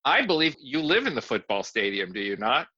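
Man, podcast co-host, casual banter, dry humor, sharp bright tone. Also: mid-range voice, big pitch swings, brisk, breathy edge. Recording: slightly dull lo-fi audio.

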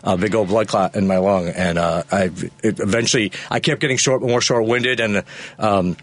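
A man's voice: fairly low pitch, fairly even intonation, normal speed. A man, the show's producer, telling a long story on air with frequent restarts and chuckles. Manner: rambling, restarts often, chuckles through stories. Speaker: radio show producer and co-host. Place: radio studio.

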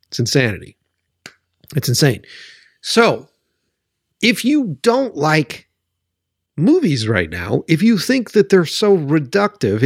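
Animated, profane man ranting. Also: medium pitch, no room sound, clean studio sound. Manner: animated, profane, sarcastic, keeps asking "right?". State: worked up. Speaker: podcast host. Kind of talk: solo podcast rant.

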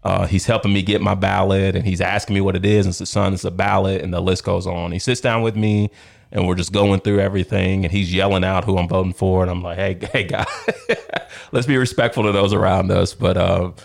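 A man in his thirties, a podcast co-host, telling a long story in a rambling, animated way with lots of fillers. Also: low voice, a little fast, gravelly. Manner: rambling, animated, laughs often, many fillers. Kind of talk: casual storytelling chat.

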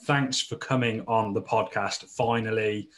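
A man's voice: fairly low pitch, fairly even intonation, measured pace, fairly bright tone, faint music behind. A man from the English Midlands co-hosting a podcast, talking casually in a chatty, musing way. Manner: chatty, musing, full of fillers. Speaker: podcast co-host. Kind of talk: casual chat.

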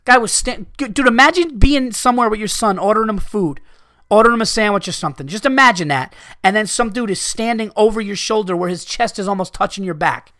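A man's voice: high-pitched, fast talker, pushed and bright, dry recording, studio quality. A man hosting a podcast, ranting with profane exasperation to his listeners while recovering from being sick. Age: adult with young children. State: recovering from illness. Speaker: podcast host.

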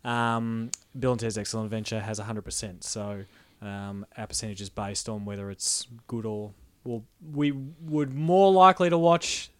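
A man's voice: lowish voice, moderate pace, clean tone. A man co-hosting a casual podcast, explaining things hesitantly with many ums. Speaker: podcast co-host.

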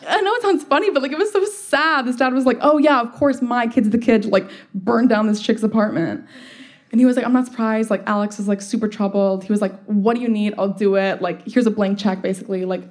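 A woman's voice: fairly high pitch, darkish tone. Young woman telling a wry story. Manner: casual, lots of "like" fillers, wry laughs. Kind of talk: storytelling monologue.

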